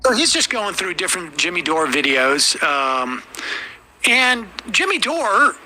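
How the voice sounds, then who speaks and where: A man hosting a political talk show, speaking in a measured, conversational way. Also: sits high, big pitch swings, pushed and bright.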